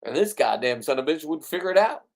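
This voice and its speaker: A man's voice: fairly high pitch, big pitch swings, fast, vocal fry, heavy background noise. A man narrating his own fishing video in a casual voice-over, blunt, boastful and full of swearing. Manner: blunt, profane, ranting, boastful. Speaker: fishing vlogger.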